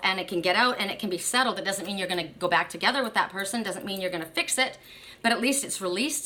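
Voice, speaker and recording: Bright-voiced woman giving an emphatic spiritual reading. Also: medium pitch. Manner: emphatic, repeats phrases, keeps asking "right?". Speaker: oracle card reader.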